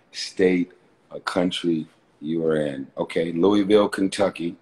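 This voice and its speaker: A man's voice: sits low, a little slow, darkish tone. A man hosting a casual phone livestream from a hotel room, talking fervently and repetitively straight to his viewers. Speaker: livestream host.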